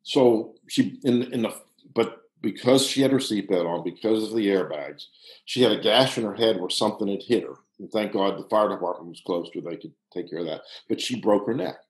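A man in his sixties from Pittsburgh, telling a long personal story in a casual, halting way with frequent restarts. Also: on the low side. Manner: animated, halting with restarts, drops to hushed tones. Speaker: guest storyteller, former soccer coach. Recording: roomy echo.

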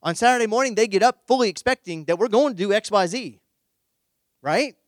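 A middle-aged male pastor with a high voice for a man, preaching in a relaxed, conversational way. He tells humorous stories with lively energy. The sound is close and dry, with no room echo. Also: a little fast. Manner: animated, humorous storytelling. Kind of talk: conversational sermon with personal story.

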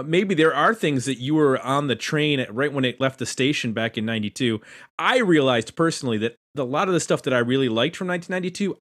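A man's voice: mid-range voice, fairly bright tone. A man hosting a casual podcast roundtable, chatty and self-deprecating as he introduces guests. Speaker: podcast host.

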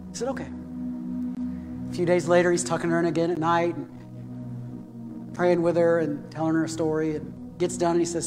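A man's voice: a little high, fairly even intonation, a little fast, long pauses, in a large hall, music in the background. A male pastor telling a story in a sermon, building to fervent emphasis.

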